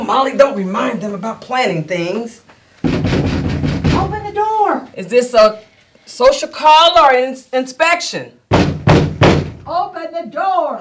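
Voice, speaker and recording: Fussy, flustered eccentric woman, played by an actress; high, very lively voice. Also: exaggerated voice. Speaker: actor in a scene. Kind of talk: stage period comedy scene. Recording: background noise in a training studio.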